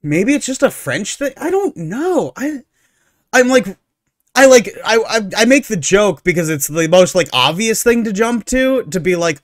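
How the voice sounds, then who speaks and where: A man hosting casual reaction commentary, ranting in an animated, sarcastic, opinionated way. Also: sits high, moderate pace, no echo, clean studio sound. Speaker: streamer reacting to online posts.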